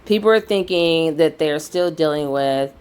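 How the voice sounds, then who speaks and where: Blunt, heated low-voiced woman vlogger. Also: measured pace, darkish tone, clean tone. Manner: blunt, heated, swears freely. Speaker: video commentator. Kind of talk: outspoken opinion vlog.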